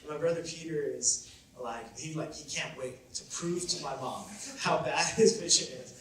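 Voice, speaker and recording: A man's voice: on the high side, normal speed, a crowd in the background. A man preaching a sermon as a pastor, telling a personal story in a conversational way with frequent fillers. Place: church auditorium. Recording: very echoey church hall, mic at a distance.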